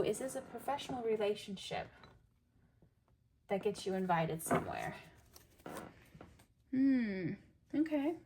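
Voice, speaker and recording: A woman's voice: fairly high pitch, darkish tone, a little hiss or hum. A woman giving a casual tarot reading. She reads card meanings aloud and then riffs on them, chatting straight to the viewer in an upbeat, coaxing way. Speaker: tarot reader.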